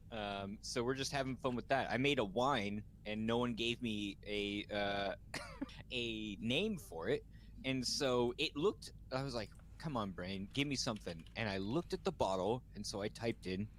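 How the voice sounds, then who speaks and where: A man's voice: medium pitch, a bit bright, slight background noise. A man hosting a casual chat, telling rambling stories with frequent laughter and swearing. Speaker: host.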